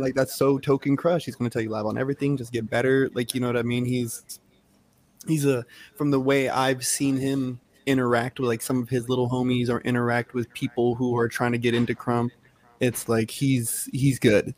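A man hosting a podcast, chatting casually and hyping up his guest in slangy talk. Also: mid-range voice. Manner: hyped, slangy, enthusiastic. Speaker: podcast host. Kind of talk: casual interview chat.

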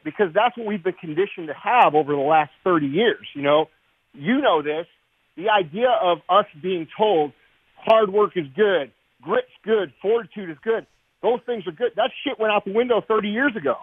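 A man's voice: sits high, husky, no echo. Blunt, profane man on a tinny line. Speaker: podcast guest. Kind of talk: motivational interview talk. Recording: tinny phone-like dry sound.

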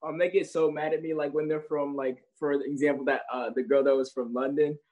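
Husky young man, laughing casual guest. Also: on the high side, level tone, brisk, darkish tone, poor audio. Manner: laughs often, rambling with restarts and fillers. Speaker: guest, social media creator. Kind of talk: casual interview chat.

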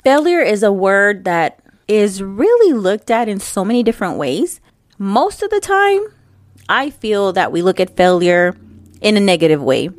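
A woman's voice: medium pitch, sing-song, a little slow, no room sound, studio quality. A woman hosting her own podcast, talking to her listeners in a chatty, personal way. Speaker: podcast host. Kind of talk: casual podcast monologue.

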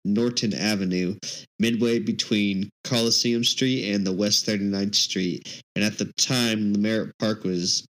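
A man on a podcast reading out a case summary, halting and tripping over names. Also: lowish voice, steady tone, fairly bright tone, low-quality recording. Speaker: podcast co-host.

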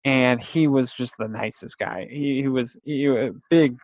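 A man's voice: medium pitch, measured pace, darkish tone, dry recording. A young man telling a long casual story with restarts and quotes, in a dry, close recording. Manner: rambling, with restarts, laughs and acted-out quotes.

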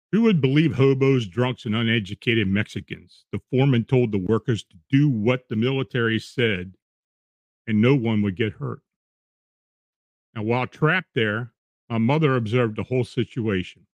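Man calmly reading eerie accounts. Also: medium pitch, dry recording. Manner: steady, measured reading with occasional restarts. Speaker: narrator reading paranormal accounts. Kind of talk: read-aloud storytelling.

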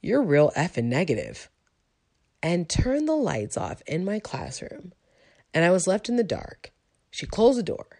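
A woman's voice: lowish voice, wildly swooping pitch, a little slow, warm tone. Reflective woman telling her life story. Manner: reflective and conversational, with frequent ums. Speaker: teacher sharing a personal story. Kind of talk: personal testimony storytelling.

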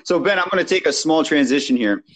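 A man's voice: on the high side, expressive, fast talker. A man hosting, casually prompting his guests for stories with loose questions. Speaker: podcast host. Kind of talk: casual interviewing.

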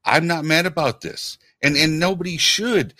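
Bright, stammering man in his forties. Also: a little high, lively intonation, moderate pace, no room sound, clean studio sound. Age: 40s. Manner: stammering, laughs often, emphatic. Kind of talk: casual chat.

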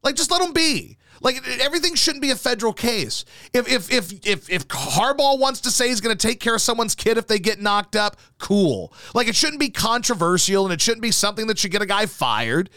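A man's voice: sits high, big pitch swings, fairly quick, hardly any pauses, bright, forceful tone, no room sound, studio quality. A man hosting a talk show, telling rambling, profane stories in casual chat. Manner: profane, rambling storytelling full of fillers. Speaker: show host.

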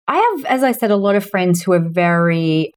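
Animated storytelling woman in her forties. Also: normal speed, smooth. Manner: storytelling, acting out quoted voices with big pitch jumps. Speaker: guest, money mentor and author. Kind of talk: casual podcast conversation.

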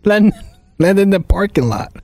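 Man, fairly high voice, co-host, casual chat, teasing jokes, dry close recording. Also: very animated, a little slow, warm tone, no echo. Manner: wisecracking, chimes in with teasing jokes. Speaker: podcast co-host.

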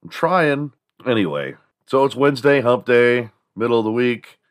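Recorded in a clean studio with no echo, this man's medium-pitched voice moves at a normal speed. As a podcast host, he rambles through a casual, profane comic rant, acting out quoted voices in sudden bursts.

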